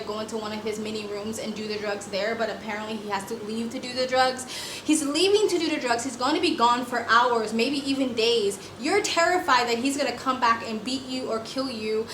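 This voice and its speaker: A woman's voice: high-pitched, a bit bright, roomy sound, slight background noise. A woman hosting a reaction video, giving blunt, sarcastic commentary and swearing freely. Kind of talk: casual commentary.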